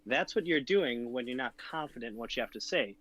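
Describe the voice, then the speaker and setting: A man's voice: mid-range voice, expressive, a little fast, fairly bright tone, muffled recording. A man calling in to a debate show, arguing defensively with the host. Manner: defensive, argumentative. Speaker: caller. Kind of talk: heated call-in debate.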